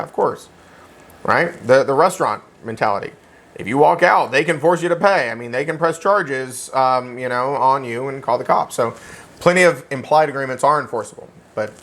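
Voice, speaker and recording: A man teaching a real estate licensing class in an animated, joking way, often checking in with "okay?" and speaking. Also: mid-range voice. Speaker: real estate exam instructor. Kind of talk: classroom lecture.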